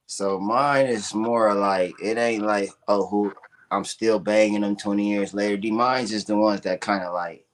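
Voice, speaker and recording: A young man co-hosting a casual podcast, telling stories in an animated, slangy way. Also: on the low side, a little slow, slight background noise. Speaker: podcast co-host. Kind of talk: casual chat.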